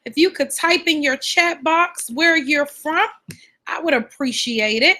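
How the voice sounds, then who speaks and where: High-voiced upbeat woman hosting a class. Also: unhurried, sharp tone. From Washington, D.C. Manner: upbeat, greets viewers by name and place. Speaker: online class host. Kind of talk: live webinar hosting.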